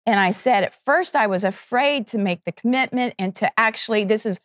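Speaking briskly in a slightly high voice, a middle-aged woman who co-founded a network shares an earnest, fervent testimony, stopping and starting as she acts out her prayers. The TV studio recording is studio quality with no echo.

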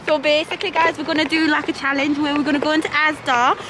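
A woman's voice: high voice, little pitch movement, quick pace. A young woman teasing her friends playfully during a trip. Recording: noisy outdoor street.

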